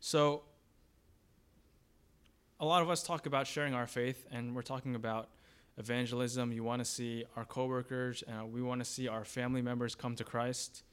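A man's voice: medium pitch, level tone, moderate pace, clear, resonant tone. A man preaching a sermon as pastor, in a conversational way, asking the congregation questions and briefly acting out grumbling voices.

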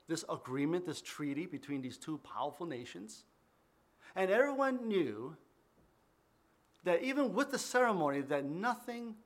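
A man's voice: fairly high pitch, fairly bright tone. A man preaching a sermon and leading prayer, fervent, often repeating words and restarting phrases. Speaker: pastor. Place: church in New York City.

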